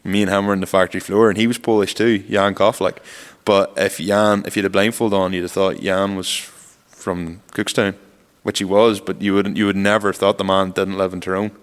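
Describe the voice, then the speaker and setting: A man's voice: deep voice, little pitch movement, fairly quick, long reverb tail. A man co-hosting a podcast, telling stories in a casual, rambling way full of fillers. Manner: rambling storyteller, lots of "like" fillers. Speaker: podcast co-host. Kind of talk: casual chat.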